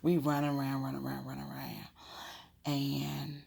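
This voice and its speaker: A woman from Maryland casually telling a personal story, animated and frank with profanity, often dropping into a hushed whisper. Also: extremely low pitch, moderate pace, vocal fry, husky. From Maryland, USA.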